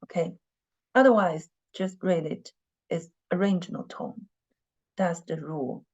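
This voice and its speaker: A woman's voice: on the low side, a little slow, darkish tone. A woman teaching a Mandarin class in English, repeating phrases and using many fillers. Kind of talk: classroom lesson. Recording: dull lo-fi sound.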